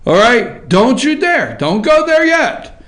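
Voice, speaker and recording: Excitable man hosting political talk. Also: extremely high pitch, takes it slowly. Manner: loud, jokey and excitable, drifting into song. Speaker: talk show host. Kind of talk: political opinion talk show monologue.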